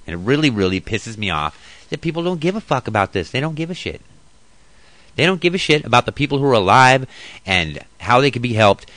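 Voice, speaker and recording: A man's voice: sits low, pushed and bright, dry recording. A man hosting a casual commentary show who reads news aloud and then rants about it, profane and blunt. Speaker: host.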